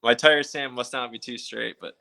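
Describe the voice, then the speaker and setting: A motocross racer from the eastern United States talks as a guest on a podcast. He speaks in a steady, flat line with a bright, forward tone. His manner is plainspoken and laid-back. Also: mid-range voice, normal speed, vocal fry, slight background noise. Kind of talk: casual interview chat.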